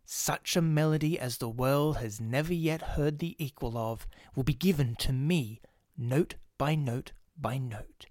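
A man reading the part of an obsessed male church organist, speaking in a hushed, urgent way that turns pettish. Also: mid-range voice, measured pace, no echo, studio quality, close to an everyday voice. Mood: awed hushed.

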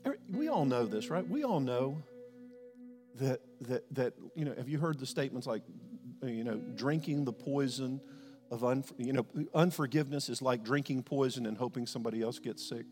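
A man's voice: medium pitch, animated, normal speed, in a large hall, music in the background. A man preaching a sermon as a pastor, telling a personal story and acting out his conversations with God.

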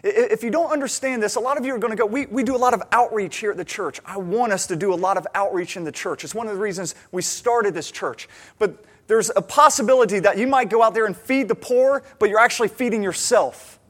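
A man's voice: high voice, quick pace. A man preaching a sermon, telling stories and acting out the people in them. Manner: animated storytelling, acting out characters' lines. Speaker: pastor.

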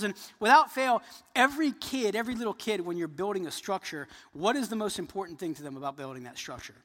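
High-voiced pastor preaching in a reverberant hall. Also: male voice, lively intonation, fast talker. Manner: earnest, builds emphasis then drops soft. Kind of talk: sermon.

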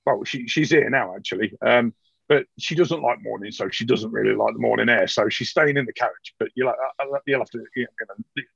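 A man's voice: medium pitch, fairly quick, vocal fry, fairly bright tone, breathy edge, no echo, lo-fi sound. A man voicing a fussy, self-important male official who stammers and fusses. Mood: flustered.

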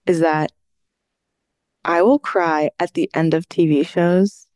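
A woman's voice: lowish voice, steady tone, takes it slowly, a little mellow, no echo, studio quality. A woman co-hosting a podcast in casual chat, frank and wry, swearing offhandedly. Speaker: podcast co-host.

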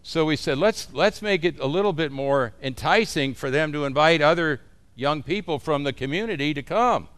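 A man's voice: a little high, animated, moderate pace, fairly bright tone, clean tone. Folksy man teaching pastors. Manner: folksy, conversational, chuckles often. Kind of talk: informal teaching talk.

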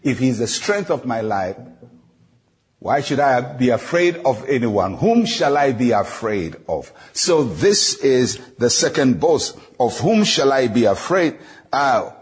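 Husky-voiced male pastor preaching. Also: medium pitch, sing-song. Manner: measured teaching, slowing on scripture quotes; frequent "uh" fillers between phrases. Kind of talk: devotional sermon.

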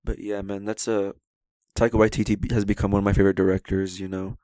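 A man's voice: lowish voice, little pitch movement, fast, a little mellow, dry recording. A young man casually chatting about movies on a podcast, enthusiastic and rambling. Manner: enthusiastic, rambling, quotes scenes in put-on voices. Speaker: podcast co-host.

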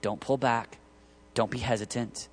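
A man preaching a sermon to a ministry team, impassioned and rising to near-shouting peaks, acting out quoted voices. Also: medium pitch, steady tone. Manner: acts out quoted voices and awkward pauses. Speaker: pastor leading a ministry tour team.

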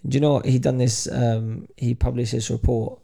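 A man's voice: mid-range voice, flat delivery, moderate pace, creaky, dark tone. A man, chatting casually and acting out both sides of an anecdote. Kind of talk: casual chat.

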